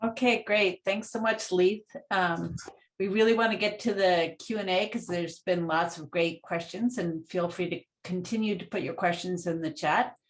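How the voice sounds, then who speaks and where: A woman's voice: on the low side, fairly even intonation, moderate pace. A woman hosting a webinar, thanking speakers and handing off briefly to the next part. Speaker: webinar host. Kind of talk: hosting transitions.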